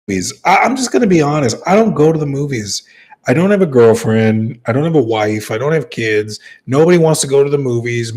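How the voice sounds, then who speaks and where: Male streamer, casual off-the-cuff rambling, keeps circling back, average pitch. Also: a little mellow. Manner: rambling, repeats and restarts phrases. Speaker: livestreamer. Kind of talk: rambling casual livestream chat.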